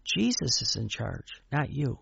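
A man's voice: mid-range voice, big pitch swings, measured pace, vocal fry, fairly bright tone, slightly rough, no room sound, dull audio. An older man, a priest, preaching a sermon in an anecdotal, conversational way and chanting repeated lines of prayer.

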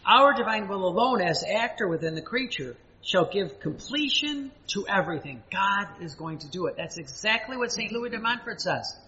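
Guy preaching, high bright voice, muffled lo-fi sound, long echo like a church. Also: expressive. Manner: emphatic, repetitive preaching with dramatic pauses and sudden rises. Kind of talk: sermon.

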